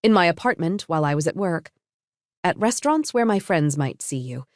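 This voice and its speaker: A woman voicing a composed young woman who calmly confronts a betrayal, her tone cool and pointed. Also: fairly low pitch, fairly quick, dry recording, studio quality, close to an everyday voice. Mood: cold. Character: calm, cutting young woman exposing a cheater.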